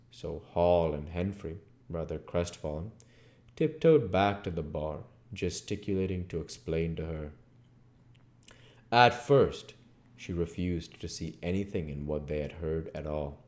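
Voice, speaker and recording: A man reading a classic novel aloud as audiobook narration. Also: sits low. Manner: slow, expressive reading. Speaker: audiobook reader.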